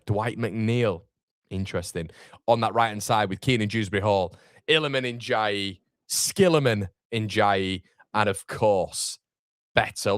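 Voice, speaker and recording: A man's voice: fairly low pitch, no room sound, clean studio sound. A man hosting a live football watchalong, chatting casually and reading viewer comments aloud.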